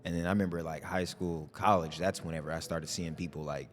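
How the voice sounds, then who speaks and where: A man's voice: low-pitched, fairly even intonation, brisk, long reverb tail. A man hosting a comedy podcast, talking in a laid-back, slangy way with short quips. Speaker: podcast host. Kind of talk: casual podcast chat.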